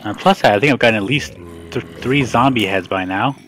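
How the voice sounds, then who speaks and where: A man's voice: medium pitch, brisk, a bit bright, slight background noise. A man giving casual, rambling gameplay commentary as a video host, joking and breaking off his sentences as he plays. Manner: rambling, joking, self-interrupting.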